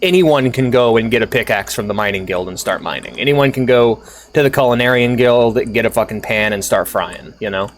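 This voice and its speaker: A man's voice: mid-range voice, fairly quick, a little hiss or hum. Rambling, swearing male streamer. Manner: rambling, swears freely, laughs often. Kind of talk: casual stream chat.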